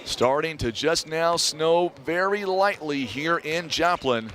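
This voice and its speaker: A man with a Southern American accent calling a high school basketball game on local radio, chatty and folksy, reading sponsors and weather between plays. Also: slow pace, noisy background. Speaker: play-by-play announcer. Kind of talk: radio sports commentary.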